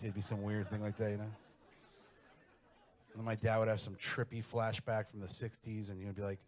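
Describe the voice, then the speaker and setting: Brash male comic, middle-aged, lower voice, crude animated stand-up delivery. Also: brisk. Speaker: stand-up comedian. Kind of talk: stand-up comedy set.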